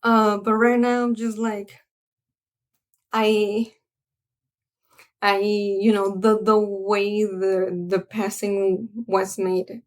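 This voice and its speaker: A woman giving a casual spoken film review, earnest and halting as she searches for her words. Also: mid-range voice, flat delivery. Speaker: anime reviewer.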